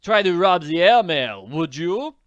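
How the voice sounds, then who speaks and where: A man voicing a hearty male mail pilot who talks loudly and gloats. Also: sits high, lively intonation, normal speed, clear, resonant tone, no echo, muffled recording, voice pushed up. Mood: gloating. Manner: gloating, loud.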